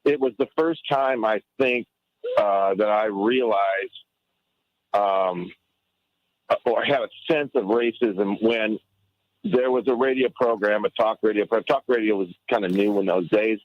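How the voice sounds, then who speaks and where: A man in his fifties on a radio talk show, telling a memory with halting, restarting speech. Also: lowish voice, no room sound. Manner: halting, restarts often, grows excited. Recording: dull dry radio line.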